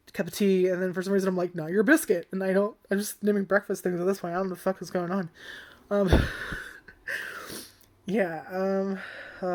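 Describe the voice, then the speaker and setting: A woman's voice: lowish voice, a little mellow. A young woman giving an unscripted, casual anime review, rambling and giggly and swearing freely.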